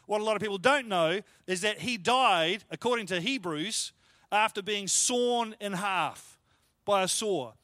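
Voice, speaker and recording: A man's voice: sits high, unhurried, pushed and bright, no echo. A man preaching a sermon as pastor, explaining scripture in a conversational, emphatic way with lots of repetition. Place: church.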